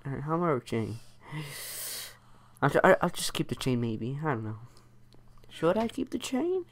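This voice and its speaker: A man giving casual, excitable gameplay commentary as a channel host, chatting to his teammate and taunting opponents as he plays. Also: mid-range voice. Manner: excitable, chatty, talks to his teammate and foes while playing.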